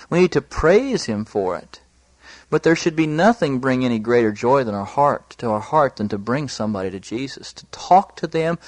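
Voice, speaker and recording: A man preaching a sermon, earnest, lifting his voice high when he quotes scripture. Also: dry recording. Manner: earnest, rising pitch for emphasis, quotes scripture in a raised voice.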